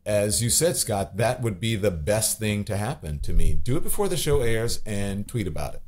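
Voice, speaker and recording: Podcast guest: deep-voiced man, candid, rambling storyteller with restarts. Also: expressive, moderate pace, a little mellow. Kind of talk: podcast interview.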